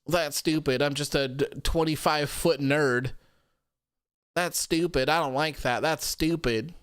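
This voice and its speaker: A man's voice: on the high side, steady tone, a little slow, fairly bright tone, smooth, no room sound, clean studio sound. A man putting on a whiny, nerdy voice for a sulking giant of a man who keeps complaining. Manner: whining, repeating complaints.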